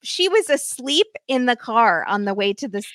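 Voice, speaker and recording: A woman chatting as a guest on a podcast about a reality show, joking quickly and laughing in the middle of sentences. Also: on the high side, big pitch swings, fairly bright tone, dry recording.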